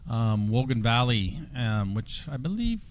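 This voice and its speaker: A man's voice: mid-range voice, big pitch swings, unhurried. A man with an American accent and an ordinary mid-range voice, chatting as a guest about travel. He talks in a friendly, enthusiastic way and laughs easily. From United States. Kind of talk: casual conversation about travel.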